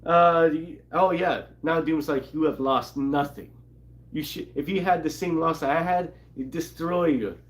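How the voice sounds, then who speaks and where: A man's voice: on the high side, unhurried. A man casually recapping a comic book in a rambling way, reading character lines aloud and laughing along. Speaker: comic channel co-host.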